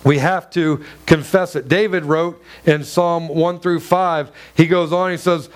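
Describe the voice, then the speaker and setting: A man's voice: a little high, fairly even intonation, measured pace, few pauses, clear, resonant tone. A man preaching a sermon in a church, earnest and emphatic, with many rhetorical questions and repeated phrases. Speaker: pastor.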